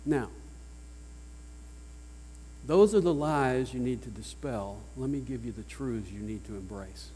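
A man with a Southern US accent preaching a sermon as pastor, emphatic, swinging between loud declarations and hushed lines. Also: mid-range voice, animated, unhurried, pauses often, slight background noise. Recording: long reverb of a large hall.

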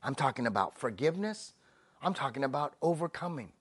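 A male pastor preaching a sermon, emphatic, slowing down on key phrases and dropping soft and low at the close of a thought. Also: sing-song, breathy edge.

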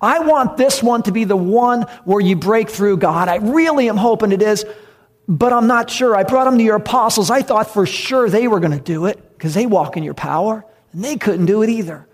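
A man's voice: high-pitched, normal speed, pitched above the performer's own voice. A man preaching acts out a desperate father pleading with God for his son, in a raised, anguished voice.

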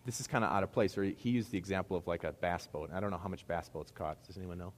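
Man, Midwestern accent, pastor's sermon, chatty rhetorical questions, lowish voice, long reverb of a school hall. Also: fairly even intonation, fast talker. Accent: Midwestern American. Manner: conversational, asks the congregation rhetorical questions. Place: middle school hall used for church.

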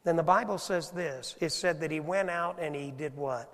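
A man preaches a sermon in a church, his voice high for a man and ringing with a long hall reverb. He asks the congregation question after question and moves between loud emphasis and quiet, hushed asides. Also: normal speed. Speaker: pastor. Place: church sanctuary.

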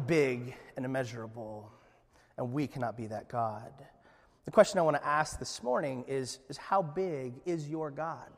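A man preaching a sermon in a church, telling a story with lively energy and frequent restarts. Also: high-pitched, in a large hall. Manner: animated storytelling with many restarts. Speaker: pastor.

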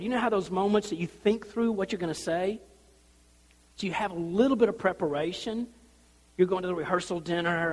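Husky high-voiced preacher in a reverberant hall. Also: male voice. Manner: animated storytelling, acts out the people in the story. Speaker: pastor. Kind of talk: sermon.

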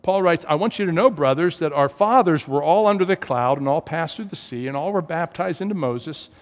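A male pastor delivers his sermon in a voice pitched a touch high for a man. He tells stories, leans hard into emphasized words, then drops to a hushed murmur. The sound carries a long reverb from a church sanctuary. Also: lively intonation, a little fast. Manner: storytelling, swings from loud emphasis to hushed low tones.

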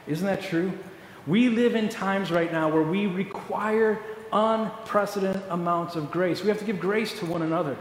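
A male pastor gives a sermon in a casual, joking way, his voice fairly high. It echoes through a large hall with a long reverb tail. Faint noise sits underneath.

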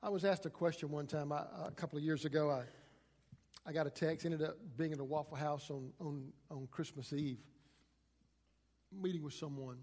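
A man's voice: on the high side, fairly even intonation, normal speed, a little mellow. A man preaching a sermon, reading scripture aloud dramatically and acting out the quotes. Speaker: pastor. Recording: long hall reverb.

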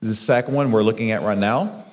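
Man, Bible teacher, explanatory, slow deliberate scripture reading, long echoing reverb. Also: on the low side. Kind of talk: Bible study lesson.

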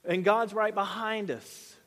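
A man's voice: sits high, steady tone, unhurried, a bit bright, long reverb tail. A middle-aged man preaching a sermon in a loose, conversational way, often repeating words and using fillers. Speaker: pastor.

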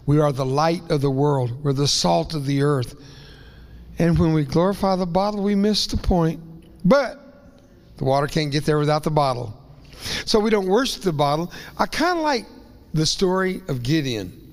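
Guest preacher, male, folksy and rambling, a bit high-pitched, voice breaking into whispers, long church reverb. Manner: folksy, rambling, self-deprecating asides; voice rises and breaks into tearful whispers. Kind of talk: emotional Pentecostal sermon. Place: church sanctuary.

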